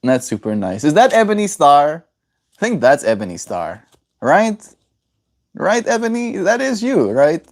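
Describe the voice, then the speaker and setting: A man's voice: a little high, wildly swooping pitch, a little slow. A man from South Africa chatting casually on a livestream, rambling and answering chat messages aloud.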